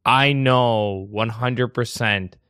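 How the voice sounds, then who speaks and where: Un homme, invité comédien, qui raconte une histoire personnelle avec animation en imitant les gens. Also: male voice, mid-range voice, slow pace, smooth, dry recording, studio quality. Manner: animated storytelling, acts out quotes. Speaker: comedian guest. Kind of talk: casual storytelling on a podcast.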